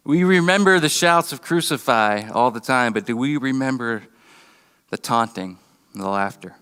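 A man preaching a sermon, earnest and halting, often restarting his words and briefly acting out mocking voices. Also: mid-range voice, fairly bright tone, clear, resonant tone, big-room sound. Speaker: pastor. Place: church building.

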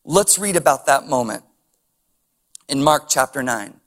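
A man's voice: medium pitch, animated, a little slow. A man preaching a sermon as a pastor, reading scripture and adding casual chuckling asides and rhetorical questions.

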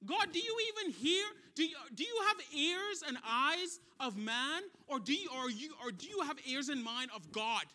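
A preacher voicing Job as a frustrated righteous man shouting complaints at God in a sermon. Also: high voice, big pitch swings, normal speed, hardly any pauses, heavily acted. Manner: loud, pleading, near shouting.

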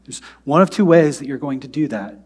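A man preaching a sermon, moving between loud, emphatic passages and soft, near-whispered prayer. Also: medium pitch, animated, a little fast, breathy edge. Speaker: pastor.

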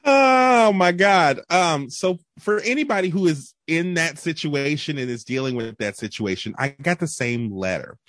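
A man's voice: a little high, animated, moderate pace, hardly any pauses, fairly bright tone. Laid-back man hosting a chat. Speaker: podcast host. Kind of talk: casual chat.

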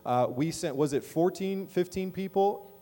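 A middle-aged pastor preaches in a church sanctuary with faint music behind him, his voice high-pitched but dark in tone and his pace normal. His style is conversational, and he frequently engages the congregation.

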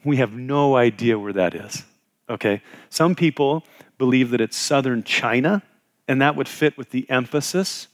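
A middle-aged man delivers a Bible teaching like a talk with friends, pausing to ask his listeners questions and circling back over his words. His voice sits at an ordinary middle pitch. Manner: conversational, asks the audience questions, repeats words. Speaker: pastor teaching a Bible passage. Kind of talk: expository sermon.

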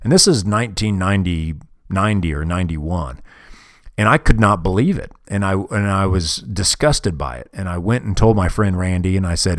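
A man's voice: low voice, normal speed, no echo, clean studio sound. A man in his forties hosting a podcast, talking bluntly and profanely in a rambling way, often restarting sentences. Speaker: podcast host. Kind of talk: casual podcast monologue. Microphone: podcast microphone.

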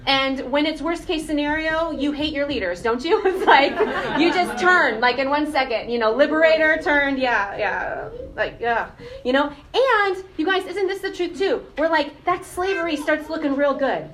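A woman giving a casual, animated sermon, often asking the congregation questions. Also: high voice, moderate pace. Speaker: preacher.

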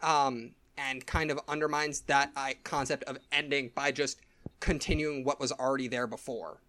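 A man's voice: mid-range voice, fairly even intonation, moderate pace, pushed and bright. A man co-hosting a podcast, giving a thoughtful, hedging critique in casual discussion. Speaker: podcast co-host.

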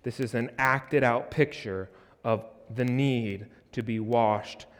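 American male pastor, slow deliberate sermon delivery, emphatic, long church reverb. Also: medium pitch. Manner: earnest, emphatic preaching with forceful rises. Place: church sanctuary.

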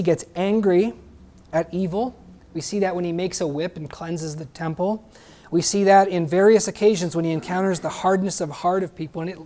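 A man's voice: high voice, a little mellow. A male preacher delivering a sermon in an easy, conversational manner. He is earnest, stumbles over a word now and then, and keeps checking in with a questioning "right?".

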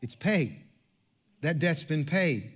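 A male pastor preaching a sermon in a church, repeating himself and restarting phrases, swinging between quiet low stretches and loud passages. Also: animated, takes it slowly, breathy edge.

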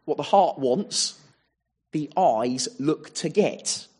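A man's voice: on the high side, lively intonation, slow pace, darkish tone, husky. A man preaching a sermon, working through a psalm verse by verse and often adding rhetorical tag questions. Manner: expository, walking through verses.

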